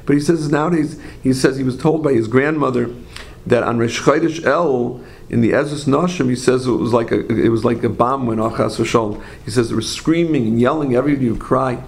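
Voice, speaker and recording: A man teaching a religious class, an animated storyteller who asks rhetorical questions, makes asides to his listeners, and often corrects himself mid-phrase. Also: mid-range voice, a little fast, creaky. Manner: frequent self-corrections and trailing phrases. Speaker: Torah teacher.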